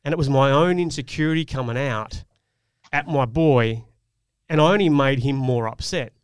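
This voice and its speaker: A man's voice: medium pitch, moderate pace, smooth, no room sound. A man, telling a personal parenting story in an earnest, reflective way on a casual podcast. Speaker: podcast co-host. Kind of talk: casual chat.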